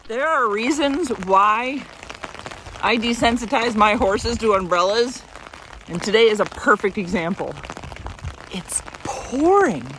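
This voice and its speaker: A woman's voice: fairly high pitch, animated, unhurried, fairly bright tone, slight background noise. A woman vlogging casually from her farm, chatting and talking to her animals. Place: outdoors on a farm.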